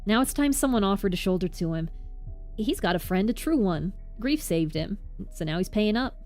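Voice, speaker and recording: A woman's voice: mid-range voice, lively intonation, moderate pace, darkish tone, faint music behind, lightly acted. A woman voicing a surly male thug from a game who distrusts outsiders and speaks bluntly. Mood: grudging.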